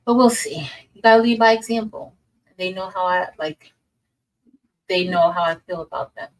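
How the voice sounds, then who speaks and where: A woman's voice: fairly low pitch, normal speed, distant mic, low-quality recording. A woman teacher hosting a casual livestream, chatting with viewers, reading the chat aloud and calling them y'all.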